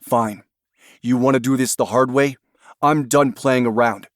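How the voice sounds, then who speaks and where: A man's voice: medium pitch, steady tone, measured pace, no room sound, close to an everyday voice. Brief: male narrator as a hard-nosed male agent, clipped and commanding, dry close sound. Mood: stern. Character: stern, angry male federal agent.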